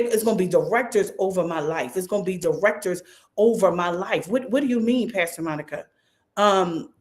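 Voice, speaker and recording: Animated woman pastor preaching. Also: medium pitch. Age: 50s. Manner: animated, conversational, addressing the crowd as y'all. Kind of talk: sermon.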